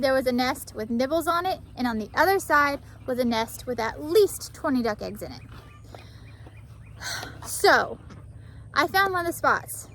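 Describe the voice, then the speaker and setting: High-voiced woman vlogging outdoors. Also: a little hiss or hum. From Florida. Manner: half-yelling to be heard without a mic. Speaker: farm vlogger. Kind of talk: casual vlog narration. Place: outdoors on a farm. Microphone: phone camera, no external mic.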